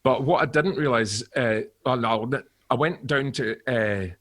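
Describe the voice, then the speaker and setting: A middle-aged Scottish man, an actor guest on a podcast, telling animated anecdotes with swearing and acted-out quotes. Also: mid-range voice, measured pace. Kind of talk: podcast storytelling.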